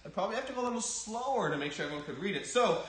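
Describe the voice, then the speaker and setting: A man's voice: sits high, animated, racing, fairly bright tone. A man teaching a kids' martial arts class, calling out drill commands and encouraging the students. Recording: very echoey room.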